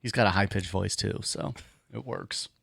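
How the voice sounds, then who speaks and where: A man's voice: on the low side, normal speed, creaky, fairly bright tone, slightly rough, no echo. A man co-hosting a podcast, joking around in casual banter. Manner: jokey, playful. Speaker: podcast co-host.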